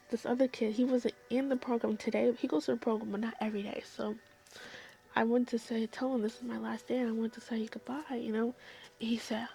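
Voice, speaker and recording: A young woman telling a long, emotional story in a casual vlog, rambling and often sinking into soft whispers. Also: a little high, vocal fry. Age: young adult. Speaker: vlogger.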